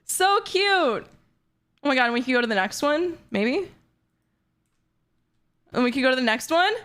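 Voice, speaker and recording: A woman in her twenties live-streaming, chatting casually in an excitable, gushing way with frequent giggles. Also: high voice, normal speed. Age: 20s.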